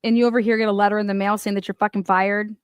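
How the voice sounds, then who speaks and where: A woman's voice: medium pitch, little pitch movement, very fast, smooth, no room sound. A woman hosting a casual commentary show, reacting to news clips in a blunt, profane and mocking way. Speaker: host.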